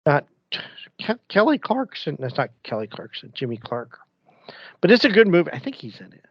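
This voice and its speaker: A man, co-hosting a podcast and telling stories in casual, animated chat. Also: on the high side, moderate pace, slightly rough, no room sound, highs cut off. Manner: rambling, animated storyteller. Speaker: podcast co-host.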